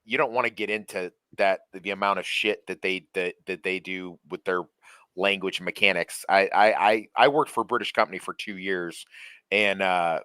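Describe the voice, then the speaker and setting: A man's voice: deep voice, normal speed, clean tone, no room sound. A man from the American Midwest in a casual group chat, telling stories animatedly with a lot of swearing. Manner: animated storyteller, swearing, rants.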